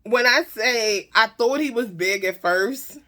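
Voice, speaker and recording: Bright, brassy woman telling a story. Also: fairly high pitch, slow. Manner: animated, laughs often, blunt and profane. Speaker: storytime vlogger. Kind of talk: casual comedic storytime. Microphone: talking to her own camera.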